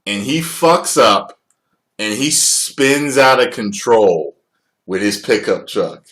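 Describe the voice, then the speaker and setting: A man in his forties from the United States, chatting casually on a livestream as host, profane and quick to laugh. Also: fairly low pitch, animated. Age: 40s. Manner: profane, laughs often, swings loud and soft.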